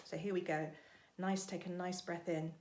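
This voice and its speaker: A woman vocal coach leading an online singing lesson, giving breathing and warm-up instructions in a chatty, encouraging way. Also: fairly low pitch, little pitch movement, normal speed. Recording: echoey room with faint music.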